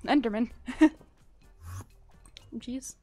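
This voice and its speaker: A woman's voice: on the high side, drawn-out words, a little mellow, no echo, faint music behind. A young woman live-streaming a building game, chatting casually and thanking viewers in a gushing, rambling way. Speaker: livestreamer.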